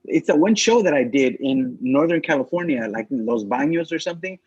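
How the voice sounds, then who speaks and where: A comedian from Los Angeles telling a story in casual chat, animated and profane, acting out the people he quotes. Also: fairly high pitch, a little fast, breathy edge. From Los Angeles, USA. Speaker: comedian podcast co-host. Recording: dull lo-fi dry sound.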